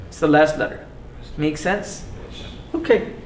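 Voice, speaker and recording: A man with a high voice teaching a class in an echoey room, with a faint rumble behind him. He is patient, sounds things out slowly and keeps checking in with the students. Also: animated. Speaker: Arabic teacher. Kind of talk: classroom lesson. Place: mosque classroom.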